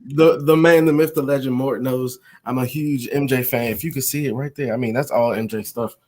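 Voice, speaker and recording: A man's voice: medium pitch, fairly even intonation, a little fast, crowd noise. A man joking around as a guest on a casual gaming podcast, stumbling into restarts and laughing. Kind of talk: casual chat.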